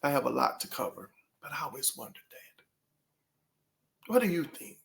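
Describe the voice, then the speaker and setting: A man's voice: mid-range voice, very animated, measured pace, creaky, fairly bright tone. A man hosting his own channel, talking casually and rambling to his viewers, throwing out rhetorical questions. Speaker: channel host.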